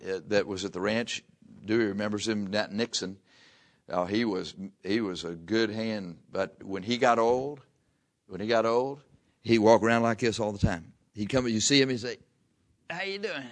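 Older preacher with a low voice. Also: male voice, fairly bright tone. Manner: slow, drawn-out scripture reading mixed with chatty anecdotes. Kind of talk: folksy sermon on scripture.

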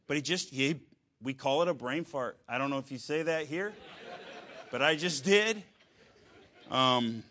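A man preaching a sermon, telling a story with halting restarts and wry humor. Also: medium pitch, expressive, bright, forceful tone.

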